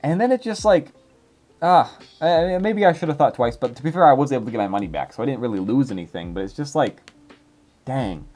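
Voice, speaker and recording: Young male YouTuber, chatty and rambling, animated pitch, faint music under him. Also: brisk. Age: 20s. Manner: rambling, filler-heavy, chatty. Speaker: YouTuber reading viewer comments. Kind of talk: casual commentary.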